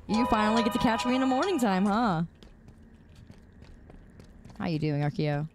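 Soft music plays as a young live streamer chats casually through a shooter game, greeting her viewers by name and laughing often. Her mid-range voice is animated, at normal speed, with frequent pauses. The recording is noisy with clicking.

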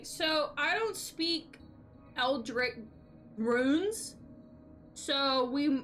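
A woman's voice: high-pitched, bright, forceful tone, a little hiss or hum. A young woman streaming a game, chatting playfully and greeting her viewers. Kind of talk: casual live-stream chat while gaming.

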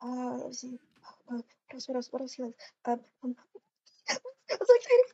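Giddy high-voiced woman role-playing. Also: completely flat delivery, moderate pace, vocal fry, warm tone, slightly rough, highs cut off. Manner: giddy, gushing, many ums. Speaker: role-play player. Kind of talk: improvised game role-play.

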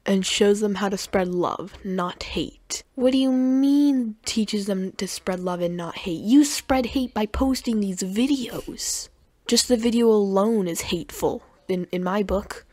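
Sarcastic young woman reacting to clips, mid-pitched, dry close recording. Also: measured pace, warm tone, no room sound. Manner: sarcastic, mocking, stumbles over words. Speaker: commentary youtuber.

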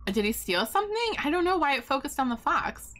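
A woman with a bright, forceful voice pitched a little high, giving live commentary as she plays a game. She chats excitably with her viewers and laughs often. Her talk stays loose, quick to react, and friendly to her chat. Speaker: streamer.

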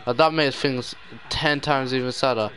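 Glum young gamer muttering. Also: male voice, medium pitch, steady tone, moderate pace, a bit bright. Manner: despairing, muttering, sudden outbursts. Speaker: gaming YouTuber. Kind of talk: live gameplay commentary.

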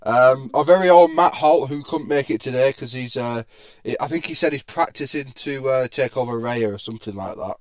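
A man's voice: mid-range voice, a little fast, few pauses, dry recording. Chatty man hosting a podcast. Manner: chatty, laughs often, many fillers. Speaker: podcast host. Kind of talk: casual football podcast chat.

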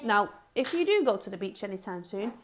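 A young woman, a reception teacher leading a phonics lesson in a lively, sing-song way, sounding words out slowly. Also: medium pitch, background noise.

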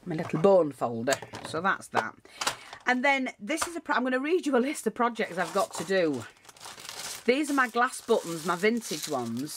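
A woman's voice: on the low side, a little hiss or hum. A woman giving a casual, rambling craft tutorial, full of asides and restarts.

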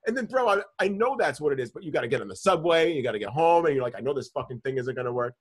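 A man hosting a casual podcast, telling a profane, animated story and calling people bro. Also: mid-range voice, racing, breathy edge. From New York. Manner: animated storytelling, swears a lot, says bro. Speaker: podcast host.

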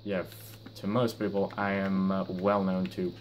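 This gaming YouTuber, sixteen and sore-mouthed after getting his wisdom teeth pulled, offers relaxed but faltering commentary on his play, tripping over words with frequent fillers and restarts. The voice is low, unhurried, and fairly flat in pitch, over guitar music and slight background noise.

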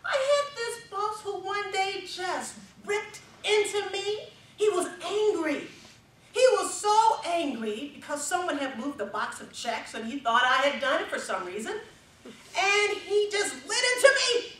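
Middle-aged woman, speech contest speaker with an animated voice, heard from a distance in a hall. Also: very high-pitched. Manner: expressive storytelling with dramatic pauses. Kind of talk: prepared public speech. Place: stage in a large hall.

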